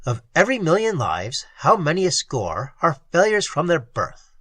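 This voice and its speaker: A narrator voicing Ted, a gentle and melancholy male salesman who speaks with sad sympathy. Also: medium pitch, huge pitch swings, normal speed, dry recording. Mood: sorrowful.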